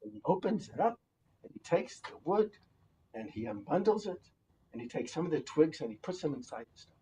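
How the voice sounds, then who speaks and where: A man telling a folk tale to his congregation in a halting, lively way, often repeating words, in a synagogue sanctuary. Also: a little high, distant mic, a little hiss or hum, rough recording. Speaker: storyteller.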